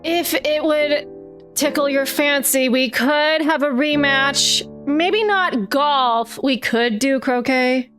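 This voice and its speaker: A spirited young debutante, blunt and forthright, played by a woman in a role-play. Her voice is high and unhurried. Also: flat delivery, soft background music. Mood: teasing.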